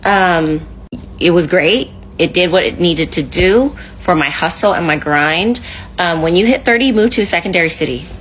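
Woman in her thirties giving quick advice. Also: lowish voice, fairly bright tone, slight background noise, poor audio. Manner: upbeat, quick, emphatic advice. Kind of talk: casual advice to phone camera.

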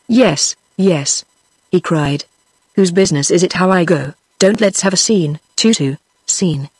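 A woman's voice: on the low side, husky, no room sound. Synthetic British woman reading a story. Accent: British English. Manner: even synthetic reading, all characters in one voice. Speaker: audiobook narrator. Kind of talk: text-to-speech book reading.

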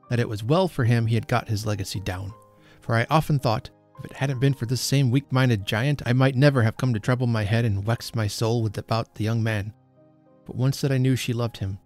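A man hosting a podcast reads a classic story aloud in the first person, with expressive, deliberate storytelling. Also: mid-range voice. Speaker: podcast host reading a story.

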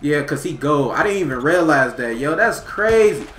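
A man's voice: on the high side, normal speed, a little hiss or hum. A young man, commentating his own basketball video game and swinging between hype and frustration. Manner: excitable, yelling at the game, frustrated outbursts. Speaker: gaming YouTuber. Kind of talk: live gameplay commentary. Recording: roomy sound with loud game music.

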